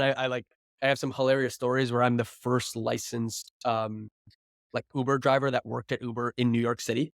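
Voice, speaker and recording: A man's voice: medium pitch, flat delivery, a little fast, creaky, dry recording, clean studio sound. A man in his thirties, a founder guest on a podcast, telling stories in a chatty, loose way, full of "like" and restarts. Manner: chatty, filler-heavy, frequent "like" and restarts. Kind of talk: casual storytelling interview.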